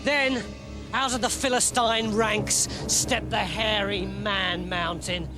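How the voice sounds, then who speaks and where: A man reading a children's tale in a lively, playful way. His voice sits very high for a man. Music runs under the narration. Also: takes it slowly. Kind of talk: storybook narration.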